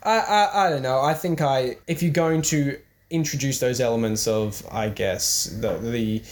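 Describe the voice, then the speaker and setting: A man's voice: mid-range voice, a little slow. A man hosting a podcast, talking in a rambling, hesitant, earnest way about a book. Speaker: podcast host. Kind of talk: casual chat.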